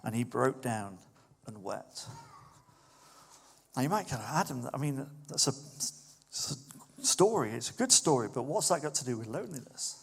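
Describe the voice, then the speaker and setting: A man preaching a sermon with a gravelly edge to his voice. He talks to the congregation as if in conversation. He grows animated when voicing the people in his story. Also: mid-range voice, moderate pace, pauses often. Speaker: pastor.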